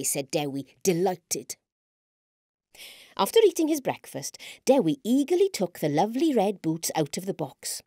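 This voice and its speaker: A woman's voice: lowish voice, sing-song, moderate pace, warm tone, no room sound, clean studio sound. A woman presenting a preschool show and reading a story aloud in an encouraging, sing-song way.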